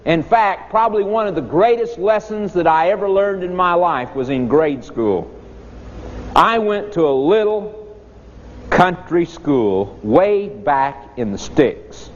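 A man's voice: high-pitched, expressive, slow pace, slight background noise. A middle-aged man preaching a sermon in a folksy, storytelling manner. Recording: dull echoey hall recording.

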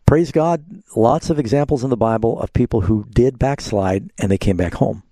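A man's voice: mid-range voice, normal speed, warm tone, dry recording. A man hosting a live call-in radio show, answering Bible questions and leading callers with simple questions. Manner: pastoral, asks leading questions.

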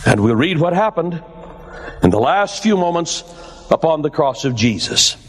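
A man with a high voice preaching a sermon, leaning hard on each word and slowing for emphasis. His voice rings out with a long reverb, as if recorded in a large hall. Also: big pitch swings, a little hiss or hum. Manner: slow, emphatic preaching with dramatic pauses. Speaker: pastor.

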